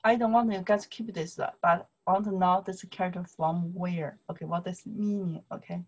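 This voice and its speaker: Teaching an informal online class, this Mandarin-speaking woman with a Chinese accent has a fairly low, fairly even voice, with a little hiss or hum in the recording. She goes slowly, repeats herself, and checks in with "okay?" over and over so students keep up.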